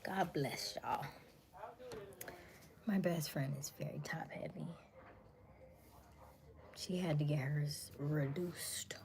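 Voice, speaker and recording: A young woman chats her way through a livestream, answering viewers in a relaxed, casual voice. Her pitch sits a bit low, and she often slips down into a near whisper between louder bursts. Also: takes it slowly, creaky, pauses often, a crowd in the background. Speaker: livestream host reading chat. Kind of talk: casual chat.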